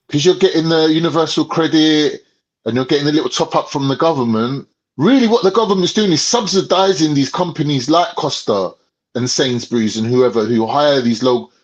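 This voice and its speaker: A man's voice: fairly high pitch, a little fast. A young man with a London accent, telling stories and chatting casually on a podcast, full of slang and swearing. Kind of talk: casual chat. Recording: slightly dull lo-fi sound.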